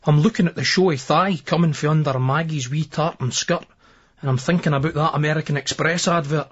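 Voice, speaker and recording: A man's voice: a little high, fairly even intonation, fairly quick, slightly rough. A man with a Scottish accent narrating a novel in the first person, in a brash, crude, swaggering voice. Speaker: audiobook narrator. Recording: dull lo-fi remastered old tape.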